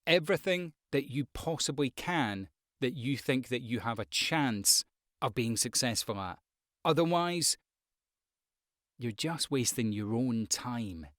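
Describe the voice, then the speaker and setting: A man's voice: medium pitch, animated, measured pace, fairly bright tone, dry recording, clean studio sound. A man giving frank, conversational career advice as a voice-over artist, with ums and asides. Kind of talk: casual advice talk to camera.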